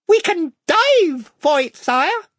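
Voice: extremely high pitch, big pitch swings, takes it slowly, a bit bright, no room sound, clean studio sound, pitched above the performer's own voice, heavily acted. A reader voicing a small, brave, courtly talking mouse knight in a storybook reading, with formal, gallant speech. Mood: eager.

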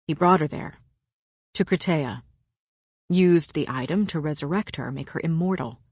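A woman's voice: sits low, moderate pace, a little mellow, slightly rough, no echo, studio quality. A woman voicing a grim, grave male fae lord. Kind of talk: audiobook character voice.

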